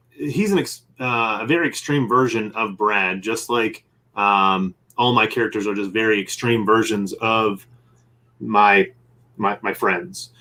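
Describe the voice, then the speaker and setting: A man's voice: on the low side, pushed and bright. A man telling a long story in a casual interview while sketching, rambling and acting out bits of dialogue. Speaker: comic publisher and guest; game master of his group.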